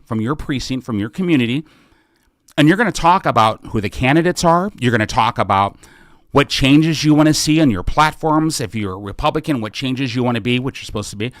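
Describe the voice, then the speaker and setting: A man's voice: mid-range voice, no echo. A fervent middle-aged American man speaks in a mid-range voice, pressing his audience with repeated calls to action. The sound is dry and close, with almost no room around him. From United States. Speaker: podcast host and political candidate. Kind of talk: live podcast Q&A, rallying appeal.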